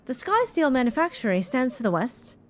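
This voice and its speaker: A woman's voice: high-pitched, sing-song, fairly quick, faint music behind. A woman reading a courteous, formal city guide. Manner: stately, courteous narration of a tour.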